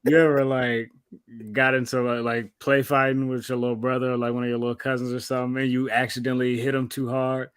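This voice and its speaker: A man with a mid-pitched voice gives his blunt opinions in a casual podcast conversation. He presses his points emphatically, and his mic sounds dry and close, with no room echo. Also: level tone, quick pace, clean tone. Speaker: podcast co-host. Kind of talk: casual wrestling chat.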